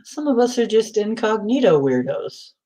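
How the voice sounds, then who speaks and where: A woman's voice: medium pitch, very animated, normal speed, warm tone. A middle-aged woman hosting a casual live chat, laughing often and reading out viewers' comments. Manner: giggly, laughs often, reads comments aloud. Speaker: livestream host.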